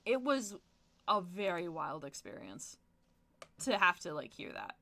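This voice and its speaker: A young woman streamer tells stories in a casual, chatty way, tossing in plenty of fillers and laughs. Her voice swings widely in pitch and has a bright, forward edge. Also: unhurried, creaky. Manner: animated storytelling with frequent laughs and fillers. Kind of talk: casual chat while gaming.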